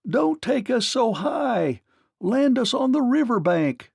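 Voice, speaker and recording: A man voicing an excitable, boastful male scarecrow in a high, eager storybook voice. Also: a little slow, gravelly, no room sound, studio quality, heavily acted. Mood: alarmed.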